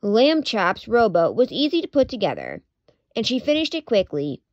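A woman's voice: on the high side, huge pitch swings, moderate pace, darkish tone, dry recording. Woman reading a kids' storybook aloud; dull, dry home recording. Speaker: storybook reader. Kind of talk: children's read-aloud.

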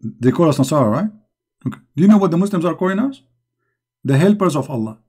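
Mocking, emphatic man with a raised pitch. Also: big pitch swings, quick pace, a little mellow, slightly rough. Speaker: online debate host. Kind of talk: live online discussion.

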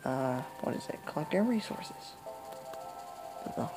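A woman's voice: very deep voice, animated, unhurried, loud music behind the voice. A woman doing casual let's play commentary with muttered asides. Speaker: gamer. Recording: noisy home recording.

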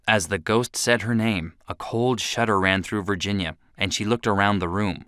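A man narrating a children's story in a steady, clear storytelling manner, recorded close to the mic. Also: lowish voice, moderate pace, no room sound.

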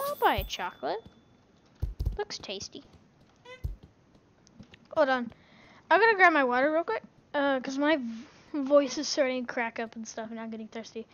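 A woman giving casual gameplay commentary on a headset, excitable and given to sudden shouts. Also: high-pitched, muffled recording. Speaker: gaming video creator. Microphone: gaming headset.

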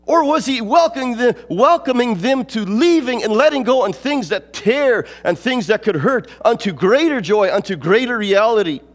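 A man preaching a sermon in a church, emphatic and fond of repeating phrases, his voice swinging between lifting up and dropping low. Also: lively intonation, normal speed, few pauses, big-room sound. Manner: emphatic, repeats phrases, rises and falls in pitch. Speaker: pastor. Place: church sanctuary.

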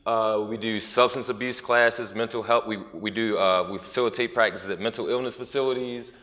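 A man's voice: on the low side, fairly even intonation, brisk, a bit bright. A man giving a conference talk in an easygoing way, with lots of uh and you know. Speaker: conference presenter. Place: conference hall. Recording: echoey hall.

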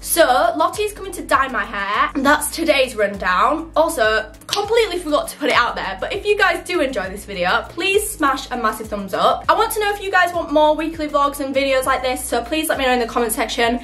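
A woman's voice: high-pitched, sing-song, a little fast, hardly any pauses, a bit bright, soft background music. A young woman chatting to camera at home in a casual vlog, bubbly and rambling, filming on a handheld camera. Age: young adult. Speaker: vlogger. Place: home, indoors.

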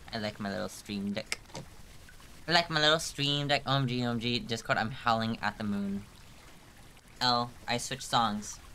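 A man's voice: on the low side, sharp tone, a little hiss or hum. A man chatting casually to viewers on a live game stream, playful and teasing with mock-dramatic complaints.

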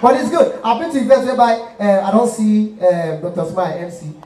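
A young man doing animated stand-up comedy on a live stage, telling stories loudly in pidgin-tinged English. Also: sits high, brisk. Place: live stage before an audience. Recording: roomy live stage, distant mic, crowd.

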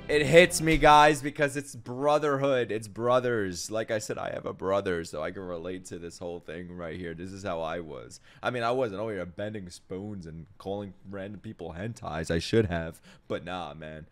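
A man hosting an anime reaction, excitable and emotional, swearing often as he talks over the show. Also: low voice, normal speed, few pauses, soft background music. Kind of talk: live reaction commentary. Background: anime soundtrack playing.

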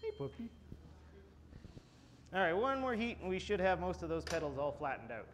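A man with a fairly high voice gives a live blacksmithing demonstration. He tells jokes and rambles along, with plenty of ums and restarts, while faint shop noise hums in the background. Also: big pitch swings, normal speed. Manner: joking, rambling, many fillers. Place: smithing conference demo area.

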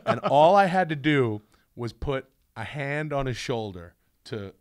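Animated man telling stories on a podcast. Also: mid-range voice, unhurried, dry recording, studio quality. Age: middle-aged. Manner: animated storyteller, lets out sudden yelps. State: voice wavering, as if choked up. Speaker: guest. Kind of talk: casual podcast chat.

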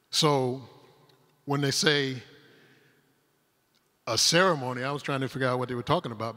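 A man's voice: mid-range voice, sharp tone. A man from Detroit, giving a rambling, humorous storytelling talk on a conference stage, full of asides. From Detroit, Michigan, USA. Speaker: conference speaker. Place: converted industrial hall used as a conference venue. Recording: long hall reverb.

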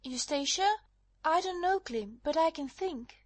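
A woman's voice: high voice, moderate pace, no echo. A woman playing a breathless, frightened young wife. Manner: breathless, urgent. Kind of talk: dramatized audiobook reading.

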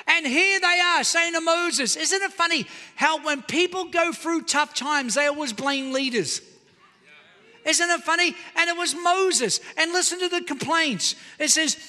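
A man preaching a sermon as pastor, animated and calling out to his congregation. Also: very high voice, big-room sound. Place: church auditorium.

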